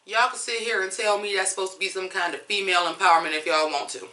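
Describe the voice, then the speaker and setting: A woman's voice: mid-range voice, fairly even intonation, fast, pushed and bright, roomy sound, slight background noise. A woman reviewing songs in a blunt, profane, fired-up rant. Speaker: music reviewer. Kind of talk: ranting song review.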